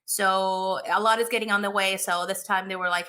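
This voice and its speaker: A young woman co-hosting a podcast, talking in a casual, excited, chatty way and laughing often. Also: medium pitch, moderate pace, few pauses. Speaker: podcast co-host.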